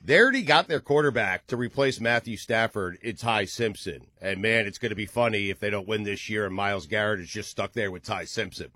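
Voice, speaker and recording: A man's voice: lowish voice, brisk, hardly any pauses, bright, forceful tone, no room sound, studio quality. A man hosting a casual sports talk show, leading the discussion and laughing often. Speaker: sports radio host.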